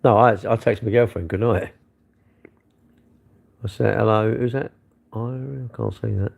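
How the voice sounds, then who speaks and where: A man's voice: lowish voice, fairly even intonation, measured pace, vocal fry, a little mellow. A middle-aged man chatting loosely and self-mockingly on a late-night livestream from his bedroom, talking into his phone. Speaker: livestream host.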